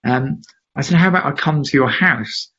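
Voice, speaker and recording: Man, breathy edge, middle pitch, dull lo-fi audio, expressive storyteller doing voices. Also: moderate pace. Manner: acts out quoted voices, lively and emphatic. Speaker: podcast guest. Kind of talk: animated storytelling in a podcast interview.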